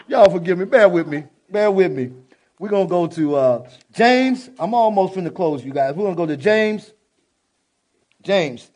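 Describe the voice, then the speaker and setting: A man's voice: a little high, darkish tone. A man preaching a sermon in a folksy, exclaiming way. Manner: folksy, exclaiming, prone to laughter.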